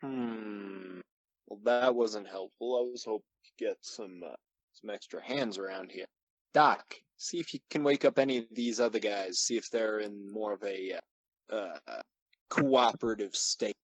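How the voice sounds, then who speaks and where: A man's voice: on the low side, unhurried, no echo, low-quality recording. Male player, casual in-character talk, dry mic. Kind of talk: in-character tabletop play.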